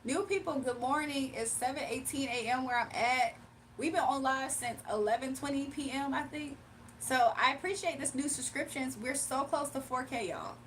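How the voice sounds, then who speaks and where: A woman's voice: sits high, normal speed, a little hiss or hum. A young woman hosting a casual livestream, telling stories with lots of laughter and reading chat comments aloud. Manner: laughs often, animated storytelling, talks to chat. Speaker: livestream host.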